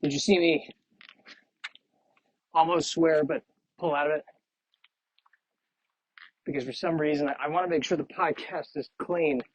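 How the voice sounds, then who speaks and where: A slightly high, breathy-edged male voice speaks unhurriedly with fairly even intonation and long pauses. He hosts a solo podcast while walking outdoors on a street, offering wandering, self-deprecating musings, recorded in muffled lo-fi sound.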